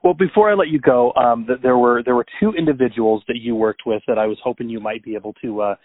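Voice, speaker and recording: A man's voice: medium pitch, quick pace, no echo. Polite male interviewer on a phone line. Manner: polite, searching for words with many fillers. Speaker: interviewer, host. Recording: tinny dry phone line.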